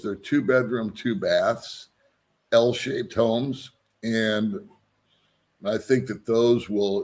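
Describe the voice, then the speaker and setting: A man hosting his own vlog, chatting casually and loosely, with frequent ums and chuckles. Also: lowish voice. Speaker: vlog host. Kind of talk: casual rambling vlog chat.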